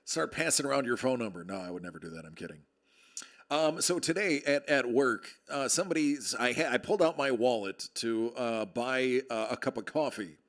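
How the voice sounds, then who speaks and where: A man with a gravelly, fry-edged voice chats on a live stream in a projected, radio-style delivery. He sits close to a desk microphone, joking and reading out viewer comments at an everyday pitch. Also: animated, brisk, a bit bright. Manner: jokey, chatty, reads out viewer comments. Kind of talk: casual live-stream chat. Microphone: close desk microphone with level meter.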